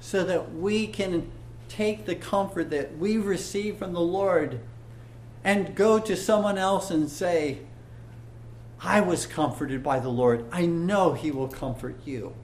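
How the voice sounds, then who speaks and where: Man, sermon, earnest emphatic preaching, slightly high voice, faint hum behind. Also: takes it slowly, roomy sound.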